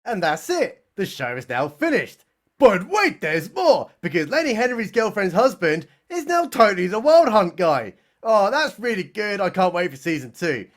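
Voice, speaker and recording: A man's voice: high voice, very animated, moderate pace. A man narrating a mocking, sarcastic comedy recap of a TV episode. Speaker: comedy reviewer.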